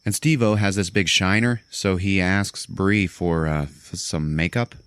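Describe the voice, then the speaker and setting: A man hosting a podcast, retelling a film scene by scene in a casual, animated way, swearing and laughing often. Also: deep voice, unhurried, smooth, no echo. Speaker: podcast host. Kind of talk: casual movie recap chat.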